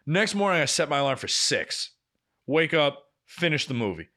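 A man's voice: fairly high pitch, big pitch swings, moderate pace, bright, forceful tone. A young man co-hosting a podcast, telling a long story in casual chat and swearing often. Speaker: podcast co-host.

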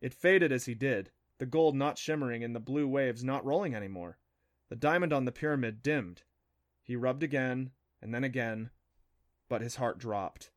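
A man narrating an adventure story in a steady, even voice. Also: medium pitch, moderate pace. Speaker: audiobook narrator. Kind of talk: scripted narration.

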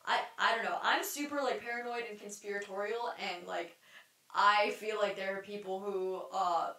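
A woman's voice: mid-range voice, fairly even intonation, moderate pace, pushed and bright. A young adult woman hosting a solo podcast, talking in a candid, rambling way with lots of fillers, restarts and casual swearing. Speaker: podcast host. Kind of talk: solo stream-of-consciousness podcast monologue. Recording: roomy sound, mic at a distance.

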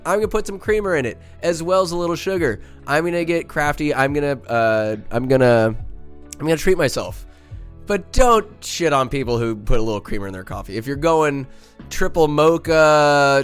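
A man's voice: mid-range voice, clean tone. A young man hosting a podcast, telling a rambling, profane, self-mocking story in casual monologue. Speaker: podcast host.

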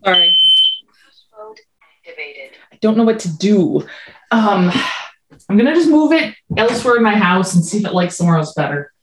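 A woman's voice: mid-range voice, expressive, moderate pace, long pauses, noisy background. A woman co-hosting a podcast, chatting casually with joking asides while recapping a TV episode. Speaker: podcast co-host.

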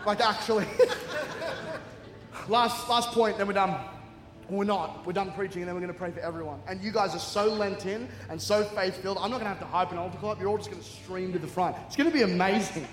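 A man's voice: high-pitched, fairly quick. A man with an Australian accent preaching a sermon, telling funny self-mocking stories with bursts of laughter. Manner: humorous, animated, self-mocking storytelling with laughter. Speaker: guest preacher. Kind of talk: storytelling sermon. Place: large church hall with congregation. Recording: echoey hall, faint ambience.

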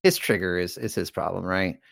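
A low-pitched man with a gravelly, fry-laden voice chats casually as a podcast co-host. His pitch rises and falls in a lively way. He rambles with fillers and laughs often, recorded dry and close. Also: a little fast, no echo. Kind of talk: casual card-game chat.

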